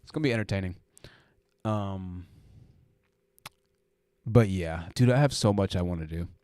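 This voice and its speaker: Hosting a casual live stream from a home room where hoodies hang to absorb sound, a man reads viewer comments and rambles through explanations full of fillers. He has a low, dark, clean voice at a moderate pace, recorded dry on a dynamic podcast mic through a preamp.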